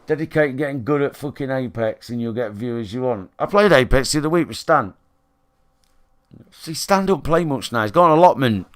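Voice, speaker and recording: A man's voice: medium pitch, lively intonation, a little fast. A man talks to a small live stream audience from his room. He rambles bluntly and swears freely, circling back with fillers and restarts. He sounds like a man in his thirties speaking into a desk mic. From England. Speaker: game streamer. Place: his own room, alone.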